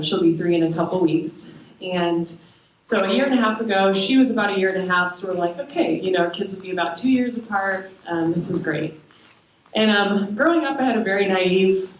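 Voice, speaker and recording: A young woman sharing a personal faith testimony with a small moms' group, hesitant, with frequent ums and soft laughs. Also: medium pitch, a little hiss or hum. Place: church meeting room. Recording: echoey room, voice from far off.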